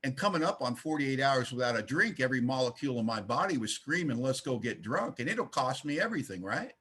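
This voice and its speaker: A man's voice: medium pitch, sing-song, quick pace, pushed and bright, slightly rough. A man giving an emphatic, folksy share at a recovery meeting, telling his story with blunt humor over a video call. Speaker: speaker sharing recovery story.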